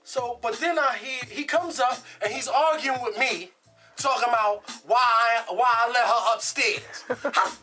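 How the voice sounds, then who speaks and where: A woman casually telling a true story in an animated, profane way, laughing as she goes. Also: a little high, a little slow, soft background music.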